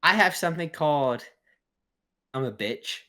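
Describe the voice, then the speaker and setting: A man's voice: fairly high pitch, animated, moderate pace, pushed and bright. A young man co-hosting a casual podcast chat, telling stories in a rambling way, swearing freely and laughing at his own tales. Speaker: podcast co-host.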